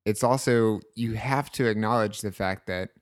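Low, dry-voiced thoughtful man. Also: no room sound. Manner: thoughtful and measured. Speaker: podcast co-host. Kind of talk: casual book discussion.

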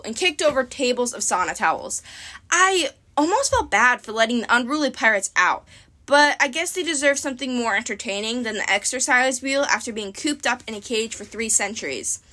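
A woman's voice: fairly high pitch, bright, forceful tone. A woman narrating an audiobook expressively in the first person. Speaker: audiobook reader.

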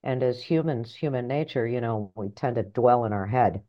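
A middle-aged woman author and life coach telling her story in an interview, animated and blunt, acting out voices in her head. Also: extremely low pitch, moderate pace, highs cut off. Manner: animated, acts out inner voices, earthy phrasing.

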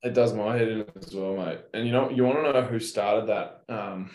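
A man's voice: lowish voice, normal speed, a little mellow. A young Australian man in a casual interview, telling laid-back stories and swearing freely. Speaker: professional basketball player, guest. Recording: roomy echo.

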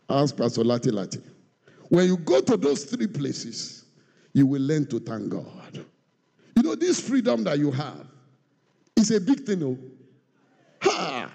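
A male pastor preaching a sermon with a very gravelly, husky voice. His pitch leaps high and drops low as he swings from shouts to quiet asides. The sound carries a long echo from a large church hall. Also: wildly swooping pitch, unhurried, long pauses.

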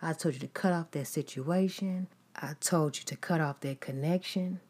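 A woman delivers a sermon, her voice sitting a little low for a woman. She drives her points home through emphatic repetition, stacking line after line. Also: normal speed, darkish tone, husky. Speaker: preacher.

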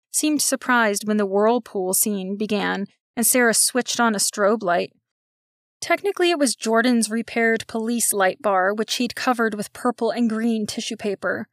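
A woman reading a children's story aloud, giving steady, expressive narration. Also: a little high, no room sound, studio quality.

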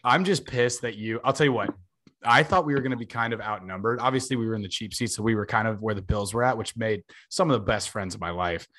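A man's voice: fairly low pitch, fast. A young man chatting casually as a podcast host, telling stories with energy, swearing freely and acting out what others said. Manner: animated storyteller, swears freely, acts out quotes. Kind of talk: casual chat.

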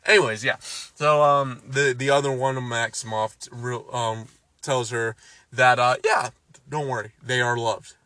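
A man's voice: mid-range voice, fairly even intonation, a little slow, bright, forceful tone, dry recording. A man casually recapping a film, ranting and swearing, exasperated. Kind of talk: casual movie recap chat.

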